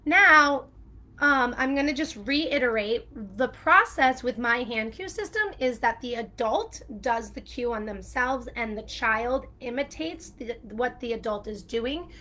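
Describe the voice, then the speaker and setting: Bubbly bright-voiced woman speech teacher. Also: on the high side, lively intonation, measured pace. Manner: bubbly, laughs often, explains step by step. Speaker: speech-language pathologist teaching parents. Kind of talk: upbeat instructional video with a sung intro.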